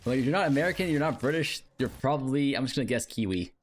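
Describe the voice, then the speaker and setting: A man's voice: mid-range voice, animated, quick pace. A male game streamer chatting casually with live viewers, rambling and musing aloud with lots of fillers.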